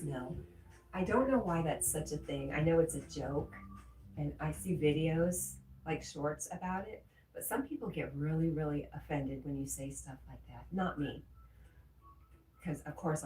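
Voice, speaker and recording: Woman streamer, mellow low voice, casual comment-reading host, often laughing. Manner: chatty, laughs often, reads chat aloud. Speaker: livestream host. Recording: roomy echo with faint music.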